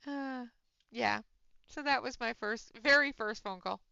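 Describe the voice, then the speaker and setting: Woman chatting easy while she colours at home, slow and gravelly, kinda dull lo-fi sound. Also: on the high side, sharp tone, dry recording. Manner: chatty, easygoing storytelling. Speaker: host of a live colouring stream. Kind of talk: casual chat while colouring.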